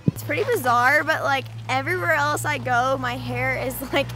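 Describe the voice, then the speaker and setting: A young woman with a high voice talks casually and playfully into a handheld camera. Music plays clearly underneath her. She sounds chatty and easygoing. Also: moderate pace, poor audio. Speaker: vlogger. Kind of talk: casual travel vlog chat.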